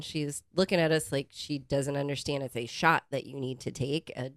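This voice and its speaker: A woman co-hosting a podcast in casual chat, chatty and quick to laugh, acting out what people said. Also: rumbling low, steady tone, dry recording, clean studio sound. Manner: chatty, laughs often, acts out quotes. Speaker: podcast co-host.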